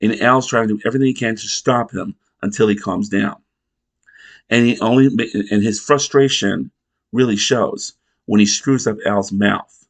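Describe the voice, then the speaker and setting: A man reviewing a sitcom episode in casual narration, rambling and halting with many restarts. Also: fairly low pitch.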